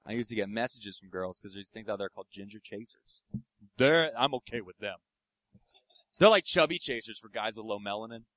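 A man's voice: lowish voice, animated, fairly quick, a bit bright, dry recording. A young man doing a profane stand-up comedy set, ranting and acting out the people in his stories. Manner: profane, ranting, acts out quoted voices.

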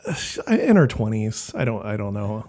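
A man's voice: on the low side, big pitch swings, normal speed, darkish tone. A man co-hosting a podcast in casual chat, laughing often and trailing off into restarts. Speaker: podcast co-host.

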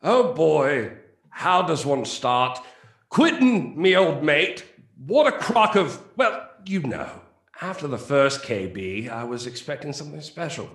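A man's voice: on the high side, animated, a little slow, fairly bright tone. A man voicing a pompous British male film reviewer with a put-on British accent and a theatrical, indignant delivery. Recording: roomy echo.

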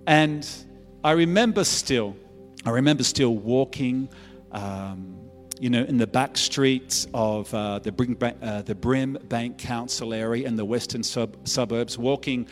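An Australian man preaching a sermon, telling his story in an earnest, conversational way and often restarting mid-phrase. His mid-pitched voice rings through a reverberant church hall. Soft music plays faintly underneath. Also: a little slow. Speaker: pastor. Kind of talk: sermon testimony.

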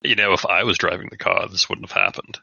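A man's voice: low voice, fast talker, gravelly, pushed and bright, husky, dry recording, highs cut off, heavily acted. A man doing a smug voice in the head. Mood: needling. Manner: sarcastic, prim and needling. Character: smug, mocking male voice in a head.

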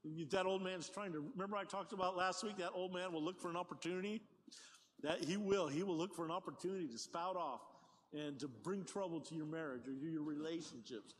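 Older male pastor, high voice, folksy animated sermon, reverberant hall with faint hiss. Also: fairly quick. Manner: conversational, animated, folksy asides.

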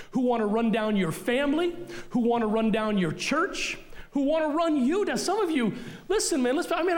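A middle-aged man preaching a sermon as pastor in a church, blunt and forceful with repeated punchlines. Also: extremely high pitch. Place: church sanctuary.

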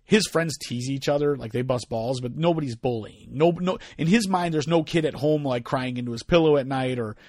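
A man's voice: mid-range voice, a little fast, hardly any pauses, no echo, studio quality. A middle-aged man co-hosting a podcast in casual chat, telling stories and acting out the people he quotes. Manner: animated storyteller, acts out quoted voices. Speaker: podcast co-host.

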